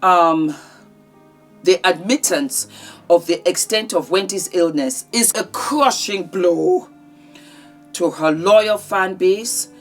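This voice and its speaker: A woman with a slightly low voice talks through celebrity news in an earnest, heartfelt vlog. She speaks conversationally and emotionally. Soft music plays faintly underneath. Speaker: vlogger.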